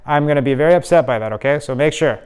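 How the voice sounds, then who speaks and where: A male teacher telling a story to his students, slow and hesitant with many pauses and acted voices. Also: a little high, darkish tone, clear, resonant tone.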